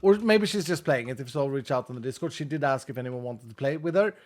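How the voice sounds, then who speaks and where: A man's voice: medium pitch, quick pace, darkish tone. A man chatting casually and tiredly to viewers while streaming a game, joking and thinking aloud. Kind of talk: casual gaming livestream chat.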